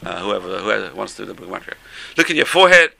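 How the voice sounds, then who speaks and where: A man teaching a Torah class as a rabbi, animated and exclamatory, dropping to soft asides and rising to loud emphasis. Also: fairly low pitch, quick pace, vocal fry.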